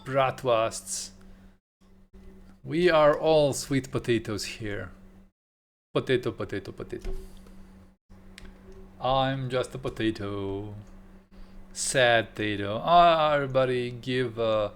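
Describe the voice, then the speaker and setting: A man's voice: mid-range voice, slow pace, clean tone. A man streaming live from a home setup, joking playfully and chatting with his viewers. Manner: playful, joking, mock German phrases. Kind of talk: casual livestream chat with viewers.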